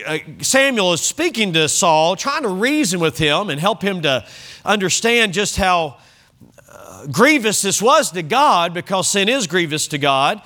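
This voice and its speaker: Animated high-voiced male preacher. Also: measured pace. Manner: lively preacher reading scripture aloud, then commenting. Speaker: pastor. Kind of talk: sermon with scripture reading. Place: church.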